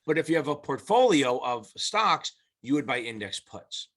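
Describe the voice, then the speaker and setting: In a relaxed whiteboard lesson, a man coaches exam students loosely, restarting now and then and swearing occasionally. His mid-range voice swings widely in pitch, fairly bright, at a normal speed.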